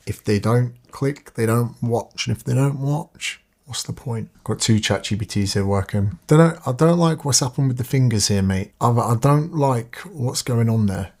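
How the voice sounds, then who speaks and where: A man's voice: on the low side, creaky, a little mellow, breathy edge. A man giving a casual screen-share tutorial as a business mentor, chatty and thinking aloud, swearing when frustrated.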